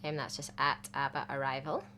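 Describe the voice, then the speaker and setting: A woman guest on a radio interview, friendly and hesitant, often pausing with filler sounds. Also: very deep voice, level tone, pushed and bright, a little hiss or hum. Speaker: tribute band organiser. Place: radio studio.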